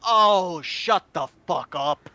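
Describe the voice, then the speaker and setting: Bright, high-voiced man at a tabletop game. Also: animated, slow, dry recording. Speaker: player. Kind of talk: playing a tabletop game, often in character.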